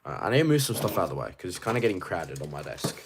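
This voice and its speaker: Lively low-voiced Australian man. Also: vocal fry, noisy background. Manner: rambling and animated, quick asides. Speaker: toy collector streamer. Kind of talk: casual livestream chat, reading viewer questions.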